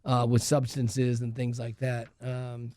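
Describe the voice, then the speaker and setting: A man's voice: medium pitch, completely flat delivery, a little slow, mellow, no echo, studio quality. A man hosting a radio show, chatting casually and rambling with lots of fillers. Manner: rambling, many fillers and restarts. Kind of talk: casual chat. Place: radio studio.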